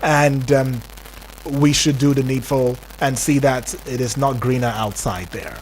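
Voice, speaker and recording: A man with a Nigerian accent hosting a radio talk show, animated and acting out the voices he quotes. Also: medium pitch, unhurried, a little hiss or hum. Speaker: radio host.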